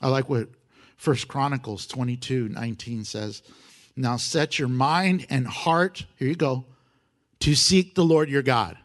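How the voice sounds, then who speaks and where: A man preaching a sermon, animated, swinging from loud emphasis to hushed, intimate asides and acting out prayers with humor. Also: mid-range voice, a little slow. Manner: acts out prayers and voices with humor. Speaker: pastor.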